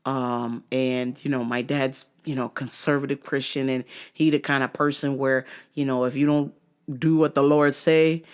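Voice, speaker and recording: A woman from New Jersey telling a story in a casual vlog, animated and profane. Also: extremely low pitch, normal speed, clean tone. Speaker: vlogger.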